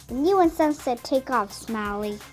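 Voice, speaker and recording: A woman's voice: a little high, lively intonation, moderate pace, soft background music, natural voice. Woman reading as a terse cowboy boss. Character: calm grown cowboy man giving orders.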